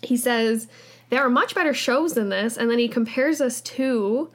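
Woman co-host, chatty and giggly, voice a touch high, casual podcast banter. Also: normal speed. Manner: chatty, giggly, self-mocking. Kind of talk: casual chat.

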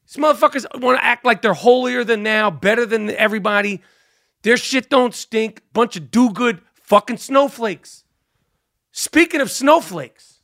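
A man's voice: high-pitched, a bit bright. A man hosting a podcast, ranting in a profane, joking way about the news. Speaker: podcast host. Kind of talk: casual podcast commentary.

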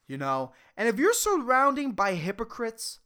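A podcast host with a higher-pitched voice speaks at normal speed during a solo rant. She swears a lot, rambles, cuts herself off, and sounds excitable and over-caffeinated.

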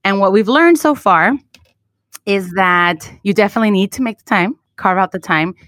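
A chatty woman co-hosting a casual podcast conversation. She talks in an animated way and laughs easily. Her voice sounds dry and close, with little room around it. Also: mid-range voice, normal speed, dry recording. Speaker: podcast co-host.

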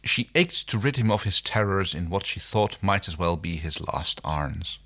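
A man's voice: sits low, animated, normal speed, pushed and bright. A man co-hosting a casual chat, reading fiction aloud playfully and laughing now and then. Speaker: podcast co-host reading fan fiction.

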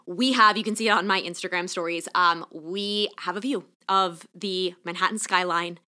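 Bright-toned enthusiastic woman podcast host. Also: fairly low pitch, steady tone, normal speed. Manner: enthusiastic, chatty, gets emotional and choked up. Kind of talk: solo podcast monologue.

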